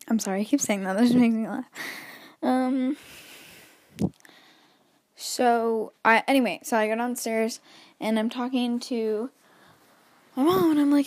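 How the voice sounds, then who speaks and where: A woman's voice: on the high side, moderate pace, long pauses, darkish tone, dry recording. A teenage girl hosting her own podcast, chatting casually, nervous and rambling, breathing heavily between thoughts and poking fun at herself. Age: teens. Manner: nervous, rambling, self-deprecating, heavy breathing. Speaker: podcast host. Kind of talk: casual solo podcast chat.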